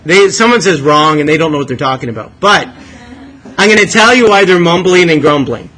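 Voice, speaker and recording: Here a man teaching math guides the room through a lesson, quizzing students and urging them to voice their thinking. He speaks a little fast, expressively, in a bright voice pitched high for a male, and the recording is rough.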